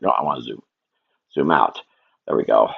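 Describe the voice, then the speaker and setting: Gravelly low-voiced man rambling. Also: moderate pace. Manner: rambling, talks to himself and greets viewers. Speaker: artist streaming live. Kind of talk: casual livestream chat while drawing. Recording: dull lo-fi stream audio.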